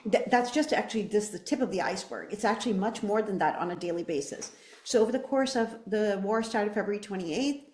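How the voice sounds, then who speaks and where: A woman's voice: mid-range voice, fairly quick, darkish tone. Passionate woman candidate in a roomy space. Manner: passionate, emphatic, rhetorical questions. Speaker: political candidate. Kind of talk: interview answer.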